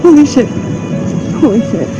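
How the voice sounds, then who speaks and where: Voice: high-pitched, sing-song, normal speed, lo-fi sound, music in the background. A frightened person filming the sky, shaking and repeating exclamations. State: shaking, scared.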